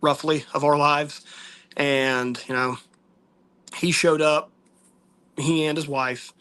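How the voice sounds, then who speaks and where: A man vlogging to viewers, telling a personal story in a halting, soft-spoken, earnest way. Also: a little high, fairly even intonation, clear, resonant tone.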